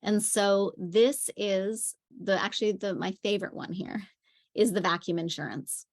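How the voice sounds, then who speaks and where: A woman's voice: medium pitch, a little slow. A woman parenting coach giving a conversational teaching talk, telling stories with frequent fillers. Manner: chatty storytelling with frequent fillers.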